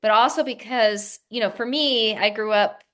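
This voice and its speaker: A woman's voice: a little high, moderate pace, fairly bright tone. A woman from the American Southwest interviewing a publisher in a casual chat, acting out quotes and laughing often.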